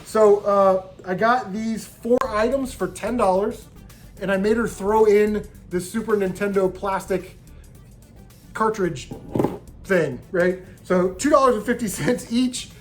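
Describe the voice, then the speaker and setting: A man's voice: high-pitched, unhurried, faint music behind. A man casually telling stories from his video game hunting trip, swearing freely and mimicking the people he bargained with. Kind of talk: casual storytelling vlog.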